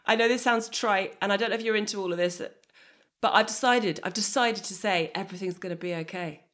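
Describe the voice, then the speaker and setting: A woman's voice: mid-range voice, fairly quick. A woman in her thirties, a guest, talking candidly and with energy in a conversation, now and then swearing. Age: 30s. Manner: energetic and emotionally open, swears.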